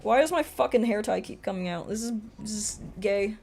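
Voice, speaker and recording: A woman in her thirties streaming live, chatting casually with viewers, swearing freely and bursting into loud excited greetings. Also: medium pitch, a little fast, creaky.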